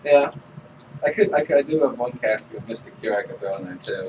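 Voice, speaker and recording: A man's voice: mid-range voice, lively intonation, fast. A man playing a tabletop game, speaking hesitantly and repeating words. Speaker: player. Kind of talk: casual tabletop play. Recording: distant mic with clear noise.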